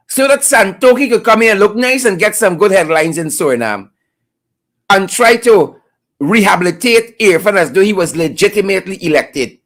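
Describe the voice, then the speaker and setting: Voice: mid-range voice, a bit bright. Sarcastic Guyanese live-stream commentator. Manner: sarcastic, mocking, emphatic repetition. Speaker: political commentary host.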